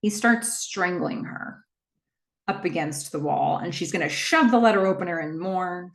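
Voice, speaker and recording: A woman retelling a movie plot in a casual, chatty way, with quick asides and small acted-out quotes. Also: lowish voice, roomy sound. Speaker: movie recap host.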